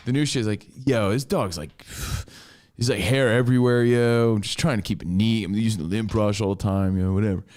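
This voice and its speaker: A man co-hosting a podcast, telling a story in a slangy, animated way and acting out what people said. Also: fairly low pitch, a little fast. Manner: animated, slangy, acts out quotes. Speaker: podcast co-host. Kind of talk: casual storytelling chat.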